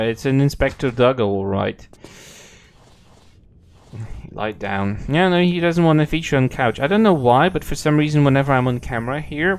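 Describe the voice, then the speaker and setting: A young man streaming a game, chatting casually, playful and swearing freely. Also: mid-range voice. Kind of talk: casual gameplay commentary.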